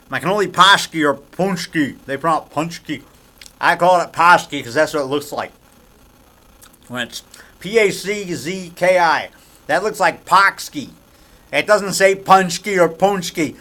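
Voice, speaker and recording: Man, high-pitched, rambling, repetitive, self-promoting horror filmmaker, casual vlog. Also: unhurried, bright, forceful tone. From Chicago area. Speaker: horror movie maker and actor. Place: indoors in a small picture-framing shop.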